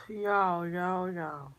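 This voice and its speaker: Slow, sighing woman vlogger. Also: lowish voice. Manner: slow, sighing, halting, speaks to viewers as y'all; soft, grieving, subdued. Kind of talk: casual livestream chat with viewers.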